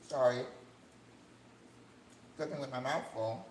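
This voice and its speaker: An older woman hosting a cooking channel, chatting casually as she cooks in her home kitchen, rambling and breaking into excited high notes. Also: measured pace, long pauses. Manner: chatty, rambling, with sudden excited jumps in pitch. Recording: echoey room with faint background hum.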